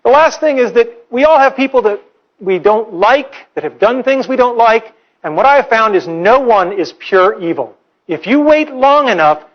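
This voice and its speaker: A man in his forties, a professor giving a humorous public lecture, telling stories in a wry, playful, earnest way. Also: high-pitched. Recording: slightly dull lecture recording.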